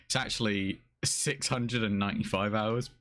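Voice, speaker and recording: A man's voice: fairly low pitch, fairly even intonation, normal speed, background noise. A man streaming a game, talking in a dry, teasing, sweary way. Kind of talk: casual gaming stream chat.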